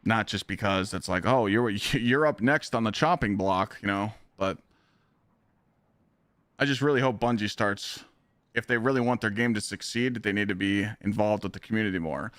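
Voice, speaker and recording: A man's voice: on the low side, normal speed, fairly bright tone, dry recording. A man streaming live, ranting bluntly and heatedly with lots of swearing.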